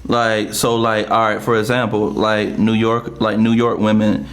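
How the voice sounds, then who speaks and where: A man's voice: lowish voice, level tone, unhurried. A man hosting a casual podcast interview, circling his questions with lots of fillers and restarts. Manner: hesitant, full of fillers like okay and all right. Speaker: podcast host.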